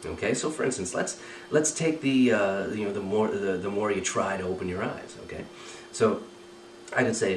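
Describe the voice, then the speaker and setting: A man's voice: lowish voice, moderate pace, echoey room, distant mic, slight background noise, poor audio. A man teaching a recorded training lesson, explaining step by step and often checking with "right?" and "okay?". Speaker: communication trainer.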